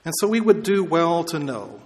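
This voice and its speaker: A male pastor giving a measured sermon, stretching out key words for emphasis, in a church sanctuary. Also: on the high side, very animated, a little mellow. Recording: long reverb of a large hall.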